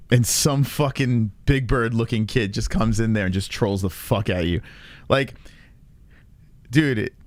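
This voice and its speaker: A man's voice: mid-range voice, no room sound. A man hosting a casual reaction stream, swearing freely and laughing often. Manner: profane, laughs often, animated. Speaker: streamer host.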